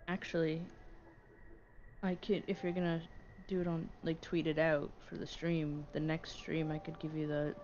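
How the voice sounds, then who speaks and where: A woman chatting casually with a friend over voice chat, speaking softly and mostly in brief replies. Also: low voice, flat delivery, normal speed. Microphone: remote voice chat. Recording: slightly dull voice-chat audio, faint noise.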